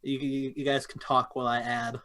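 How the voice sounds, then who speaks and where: A man's voice: mid-range voice, level tone, brisk, a bit bright. A young man playing a tabletop game, chatting casually and often stopping to correct himself. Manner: hesitant, self-correcting. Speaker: player.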